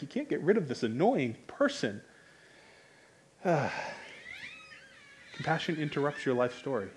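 A man in his thirties with an American accent, preaching a sermon in a conversational, joking way that rises to loud, emphatic bursts. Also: medium pitch.

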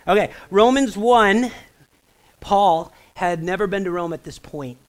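This pastor's voice sits high and moves at a measured pace, though the audio quality is poor. Speaking into a stage mic in the church sanctuary, he delivers his sermon with humor and a chatty tone, regularly engaging the congregation.

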